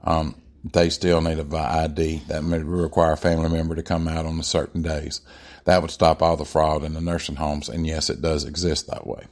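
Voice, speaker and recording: Hosting a podcast, a man with a very low voice delivers a blunt political monologue at normal speed. His pitch moves little, but he speaks emphatically, with fillers and restarts breaking up his sentences.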